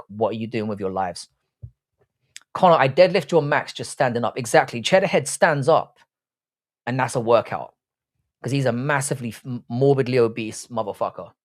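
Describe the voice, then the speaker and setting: Crude, joking livestream host. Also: male voice, medium pitch. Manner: crude, joking banter, swears freely. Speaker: livestream host reading chat. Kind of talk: casual live chat.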